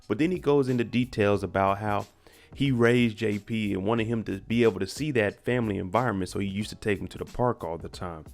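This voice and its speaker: Male recap host, low-ish voice, casual slang, chatty storytelling to viewers. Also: fairly quick, creaky.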